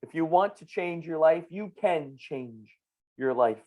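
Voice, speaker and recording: A man's voice: fairly high pitch, lively intonation, a little slow, darkish tone. A man with a New Jersey accent hosting a podcast, talking in an upbeat, playful, enthusiastic way with his guest. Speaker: podcast host. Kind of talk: casual interview chat.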